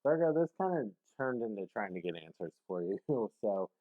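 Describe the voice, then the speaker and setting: Rambling man with a lowish voice. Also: sing-song, moderate pace, narrow, tinny audio. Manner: rambling and hesitant, many fillers. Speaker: tarot reader. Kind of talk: casual tarot reading to camera.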